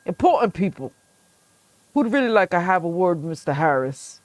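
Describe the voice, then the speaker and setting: A woman reading game lines as a persistent male private investigator, polite and measured. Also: lowish voice, big pitch swings, no room sound. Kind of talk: reading game dialogue aloud.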